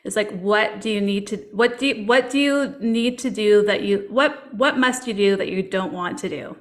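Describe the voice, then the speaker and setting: A woman's voice: medium pitch, normal speed. A woman hosting a podcast, earnest and encouraging, asking questions with many "like" fillers. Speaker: podcast host, coach. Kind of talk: casual podcast conversation.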